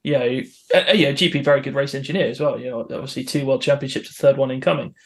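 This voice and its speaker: A man's voice: mid-range voice, steady tone, fast talker. A man co-hosting a casual podcast, opinionated and earnest, often restarting his sentences. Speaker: podcast co-host.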